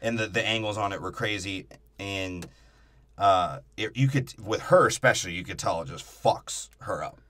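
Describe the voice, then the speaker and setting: A man co-hosting a podcast, chatting casually about a movie, animated and profane, laughing often. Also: on the low side, moderate pace. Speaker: podcast co-host.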